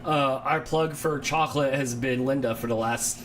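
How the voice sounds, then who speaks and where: A man's voice: medium pitch, moderate pace, slight background noise. A man hosting a live trivia game show from home, joking and playfully complaining between reading out the scores. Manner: joking, playfully self-pitying.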